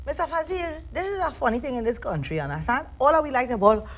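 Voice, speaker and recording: High-voiced Trinidadian woman. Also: expressive, fast. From Trinidad and Tobago. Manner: keeps asking "you understand?", Creole grammar. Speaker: show host. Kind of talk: casual interview talk.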